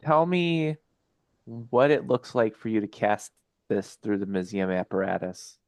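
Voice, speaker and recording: A man narrating a tabletop game as game master, unhurried and quick to laugh. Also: lowish voice, steady tone, a little mellow, dry recording.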